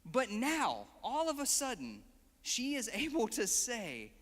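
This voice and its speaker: High bright-voiced young male preacher. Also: wildly swooping pitch, slow pace. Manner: impassioned, acts out prayers with rising emphasis. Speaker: pastor. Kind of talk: sermon. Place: church hall. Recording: long hall reverb.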